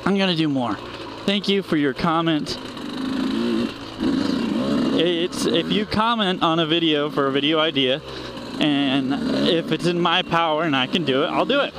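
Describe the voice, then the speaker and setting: A man vlogging on a dirt bike in a goofy, rambling, self-mocking way, talking into a helmet mic on a forest trail. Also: on the high side. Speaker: motorcycle vlogger. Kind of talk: casual riding vlog chat. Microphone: helmet intercom mic. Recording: loud motorcycle engine noise outdoors.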